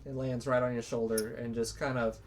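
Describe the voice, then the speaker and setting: A man narrating as game master in a casual, halting way, with many fillers. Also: medium pitch, little pitch movement, a little hiss or hum.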